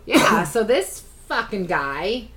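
A woman's voice: mid-range voice, sing-song, takes it slowly, a bit bright. A woman co-hosting a casual chat show, rambling and reading a news story aloud with easy laughter. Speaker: co-host.

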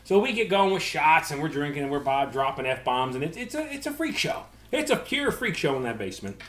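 Middle-aged male podcast host, lively swings in pitch, bright voice, roomy echo. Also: brisk. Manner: loud, animated storyteller who swears freely. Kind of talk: casual profane chat.

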